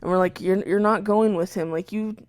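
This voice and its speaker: Young woman podcaster, swears a lot, acts out the yelling, mid voice, dry close mic. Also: medium pitch, brisk, no room sound. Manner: animated retelling, swears a lot, acts out her own shouts. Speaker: podcast co-host. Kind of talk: casual storytelling chat.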